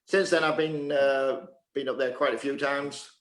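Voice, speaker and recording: A man's voice: mid-range voice, steady tone, moderate pace, roomy sound, low-quality recording. An older man from England, a former table tennis player and coach, reminiscing in a Q&A in a hesitant way, with many fillers and restarts. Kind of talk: casual reminiscing in a Q&A.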